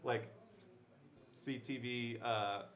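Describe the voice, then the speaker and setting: A man hosting a live board game unboxing, showing off the pieces with a playful, jokey home-shopping sales pitch. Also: steady tone, drawn-out words, fairly bright tone, reverberant. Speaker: host.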